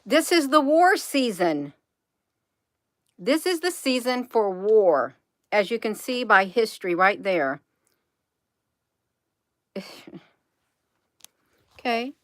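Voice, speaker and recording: A woman's voice: on the high side, very animated, slow, long pauses, dry recording, clean studio sound. A woman, rambling emphatically to her viewers in a casual livestream. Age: 50s. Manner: rambling, emphatic, addresses viewers as "you all". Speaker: channel host.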